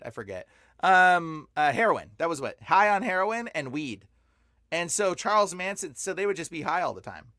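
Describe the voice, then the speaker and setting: A man, a podcast guest, telling stories in a rambling, animated way, full of fillers and laughing as he talks. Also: a little high, dry recording, studio quality. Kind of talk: casual storytelling.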